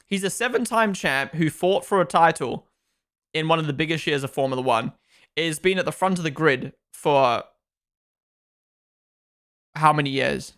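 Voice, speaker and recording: Pausing often at a normal speed, a New Zealand-accented man in his twenties hosts a casual live stream, reading out and replying to viewer comments. His voice is on the high side, with a fairly bright tone.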